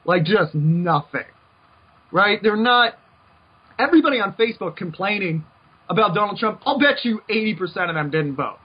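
A man's voice: sits high, expressive, moderate pace, slightly rough. A man hosting a podcast, delivering a heated, repetitive opinion rant with stumbling restarts. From United States. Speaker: podcast host. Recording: dull lo-fi recording.

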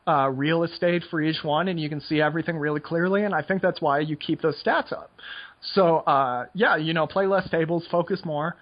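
A young man with a slightly raised, husky voice rambles through casual poker talk, leaning on "like" at every turn. The recording sounds dull and lo-fi. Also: on the high side, a little fast. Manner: rambling, filler-heavy with frequent "like". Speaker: poker player. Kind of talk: casual podcast chat.

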